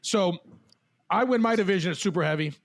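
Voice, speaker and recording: A man hosting a podcast, animated and laughing as he tells a long story among friends. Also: high voice, brisk. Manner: animated, swears, laughs while telling stories. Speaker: podcast host. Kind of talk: storytelling in casual chat.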